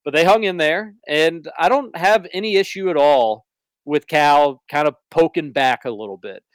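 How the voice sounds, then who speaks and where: A man's voice: a little high, normal speed, clear, resonant tone, no room sound. A man hosting a sports talk show, giving opinions in a casual, conversational way. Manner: opinionated, conversational, reads ad copy. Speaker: sports radio host.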